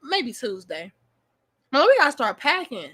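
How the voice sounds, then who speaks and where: A woman's voice: high voice, very animated, a little slow, fairly bright tone. A young woman hosting a casual live-stream chat, playful and teasing, laughing often. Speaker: host.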